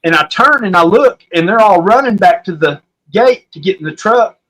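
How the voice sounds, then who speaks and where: A man's voice: sits high, lively intonation, moderate pace, fairly bright tone, low-quality recording. A man with an Oklahoman accent, telling a story as a podcast guest in a rambling, folksy way. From Southwest Oklahoma. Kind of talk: casual storytelling.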